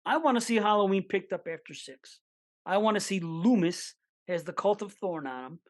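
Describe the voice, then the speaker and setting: Male podcast co-host, easygoing, thinks out loud, casual chat. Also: high-pitched, expressive, normal speed.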